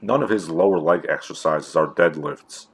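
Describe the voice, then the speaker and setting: A man's voice: very deep voice, normal speed, vocal fry, husky. A man hosting a comedic review, with dry, sarcastic commentary. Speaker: video reviewer and host.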